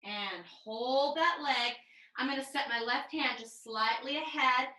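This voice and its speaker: Bright-voiced woman cueing a pilates class. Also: high voice, measured pace, reverberant, rough recording. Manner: calm step-by-step cueing with breath counts. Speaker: pilates instructor. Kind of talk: cueing a live online mat class. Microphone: video call.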